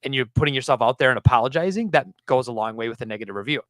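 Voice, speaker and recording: A man hosting a casual podcast, telling a story about his game store with lively acted-out quotes. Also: medium pitch, racing, dry recording, studio quality. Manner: animated storyteller, acts out customers.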